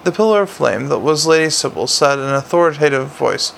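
A man's voice: a little high, animated, a little fast, gravelly, hardly any pauses, a bit bright, a little hiss or hum. A man narrating a fantasy story aloud, often stumbling and restarting words. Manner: reads with frequent slips and restarts. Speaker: audiobook narrator. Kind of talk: audiobook narration.

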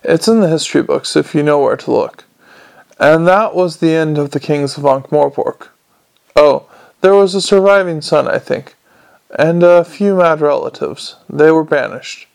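A man's voice: fairly high pitch, normal speed, gravelly, a little mellow. A man reading the lines of a weary, cynical middle-aged watch captain with dry, grumbling humor.

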